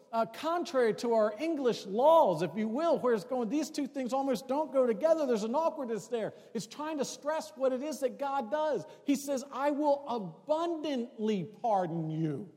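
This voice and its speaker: A male pastor delivers a sermon in a high voice, pressing points with rising emphasis and then falling to quiet storytelling. His words ring out with a long reverb in a church sanctuary. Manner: preaching with rising emphasis, drops to hushed tones for stories.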